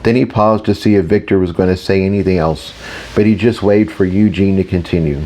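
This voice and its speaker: A man narrates a fantasy audiobook in the first person. His reading is steady and matter-of-fact, in a fairly low voice. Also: brisk.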